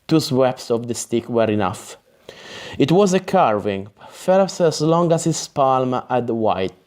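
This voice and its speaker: Slow, careful male audiobook narrator. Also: medium pitch, sing-song, a little mellow. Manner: careful, measured reading with occasional restarts. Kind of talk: reading a fantasy novel aloud.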